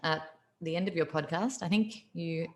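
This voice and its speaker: A woman's voice: on the low side, moderate pace. A woman hosting a podcast, asking questions in casual, encouraging interview chat. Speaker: podcast host.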